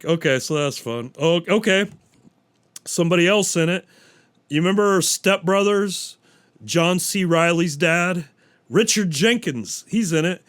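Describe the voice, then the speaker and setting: A man's voice: sits high, measured pace, a bit bright, no room sound. A man hosting a solo podcast, chatting casually and rambling, swearing freely and acting out bits of dialogue. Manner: rambling, profane, acts out quotes. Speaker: podcast host. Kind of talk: casual solo movie talk.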